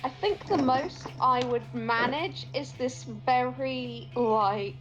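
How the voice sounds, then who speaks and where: Player, a woman with a higher voice, very slow and thoughtful, with faint music behind her. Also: poor audio. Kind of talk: tabletop role-play as a player.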